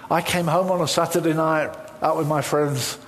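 A man's voice: on the high side, fairly even intonation, moderate pace. A man preaching a sermon, telling a personal story full of quoted dialogue. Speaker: pastor.

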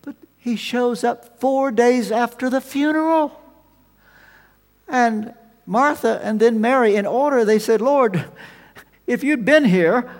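A man preaching a sermon, telling the story with animated swings between loud emphasis and quiet asides. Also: very high voice, slow pace. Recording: long reverb of a large hall.

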